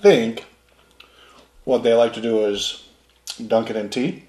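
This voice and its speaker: A man hosting a casual snack taste test, chatty and relaxed, often laughing between bites. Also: lowish voice, takes it slowly. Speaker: snack reviewer host. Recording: echoey room.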